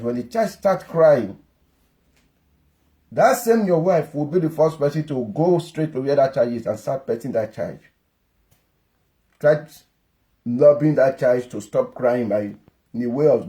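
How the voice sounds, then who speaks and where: A man delivers an earnest parenting-advice monologue, lecturing his listeners and circling back to repeat his points. His voice is warm and mellow at a middling pitch, and he speaks slowly and deliberately.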